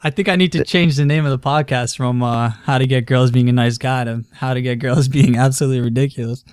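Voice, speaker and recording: A young man hosting a casual podcast interview, eager and quick to agree and laugh along with his guest. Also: mid-range voice, steady tone, darkish tone, smooth, dry recording, clean studio sound. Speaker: podcast host.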